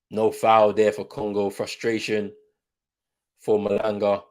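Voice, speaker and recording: A man's voice: fairly low pitch, completely flat delivery, unhurried, a little mellow. A man hosting a live football watchalong stream, chatting casually, calling the match and answering viewers' comments.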